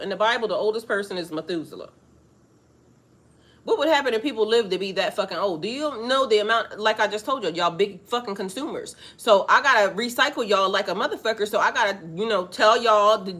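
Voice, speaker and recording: A woman giving a casual spiritual monologue to her viewers, profane and animated, laughing often. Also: medium pitch. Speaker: spiritual reader.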